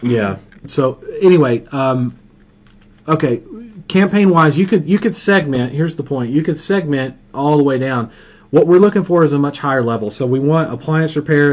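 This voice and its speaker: A man with a Southern Alabama accent talks casually on a video call, spinning folksy stories and laughing along the way. His voice sits at an ordinary middle pitch. The call audio is dull and lo-fi. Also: darkish tone. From Birmingham, Alabama. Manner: folksy, storytelling, laughs often. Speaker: host of a marketing live call. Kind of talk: casual coaching chat.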